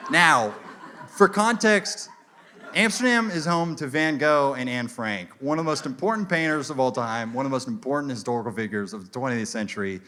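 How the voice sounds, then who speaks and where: A man doing a stand-up comedy set, telling stories in an animated way and acting out people in mock French. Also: medium pitch, moderate pace. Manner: animated storytelling, acts out characters in mock French. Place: comedy venue with a live audience. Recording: live crowd laughter and room noise. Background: audience laughing.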